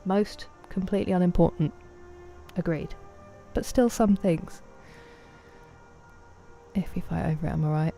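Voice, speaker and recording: A woman's voice: lowish voice, a little slow, long pauses, warm tone. Chatty woman streaming a game. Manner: chatty, greets chat viewers by name, playful. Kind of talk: casual live-stream chat while gaming. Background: faint game music.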